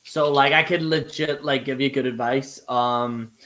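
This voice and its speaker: A man's voice: medium pitch, steady tone, unhurried, fairly bright tone. A young Irish man hosting a live stream, rambling casually and swearing, with frequent restarts. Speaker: host.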